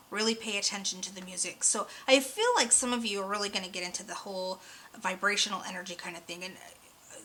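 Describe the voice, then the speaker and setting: In a rough recording, a woman with a bright, mid-range voice and a forceful tone gives her weekly oracle card reading. She talks earnestly and rambles a little in this spiritual monologue, so openly emotional that her voice nearly cracks.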